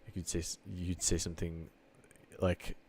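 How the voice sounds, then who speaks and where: A man's voice: low voice, monotone, moderate pace, darkish tone, slight background noise. A man from Sicily talking casually in an online chat, circling through a rambling argument and swearing freely as he acts out both sides of an imagined exchange.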